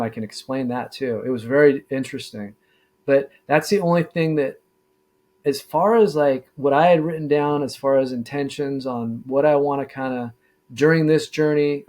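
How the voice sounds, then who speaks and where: A middle-aged man, a former deputy sheriff, telling his story in a casual interview, halting with many fillers and restarts. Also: medium pitch.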